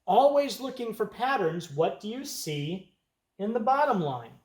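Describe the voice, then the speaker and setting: An elementary music teacher teaching young children, speaking slowly and patiently and counting beats aloud. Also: medium pitch, very animated, a little mellow, reverberant, a little hiss or hum.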